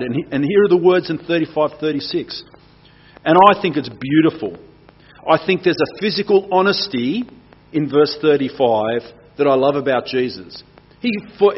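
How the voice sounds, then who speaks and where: A man preaching, reading scripture aloud and acting out the quoted lines with big swings in pitch and loudness. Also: breathy edge. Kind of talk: sermon with dramatic scripture reading. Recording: dull lo-fi sound.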